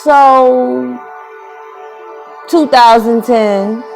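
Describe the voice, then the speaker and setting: A woman's voice: on the high side, steady tone, very slow, vocal fry, darkish tone, soft background music, poor audio. A woman in her thirties casually telling a personal story, rambling and correcting herself as she goes. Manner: rambling, self-correcting, candid. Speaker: vlogger.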